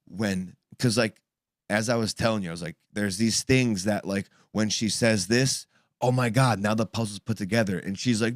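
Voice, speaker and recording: A man's voice: lowish voice, normal speed, no room sound, clean studio sound. A man in his thirties telling a story in casual chat, swearing freely and acting out what people said. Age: 30s. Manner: animated, profane, acts out quoted voices.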